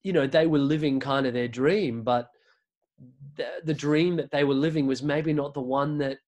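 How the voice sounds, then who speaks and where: A man's voice: mid-range voice, fairly even intonation, normal speed, a little mellow, lo-fi sound. Australian man telling a rambling story. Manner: rambling, many restarts and fillers. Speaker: podcast guest. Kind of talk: casual conversational storytelling.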